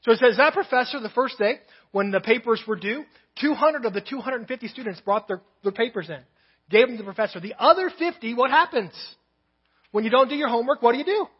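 A man with a strikingly high, husky voice preaches a sermon in church. He tells stories and lets his voice fall soft and low on the words he stresses. The recording is dull and lo-fi. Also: fast talker. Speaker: pastor. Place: church sanctuary.

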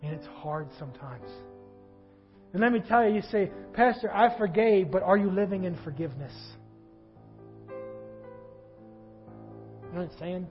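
A husky-voiced male pastor preaching a sermon in a church, swinging between quiet reflection and loud fervent passages. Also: sits high, lively intonation, normal speed, pauses often, lo-fi sound, soft background music. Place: church sanctuary.

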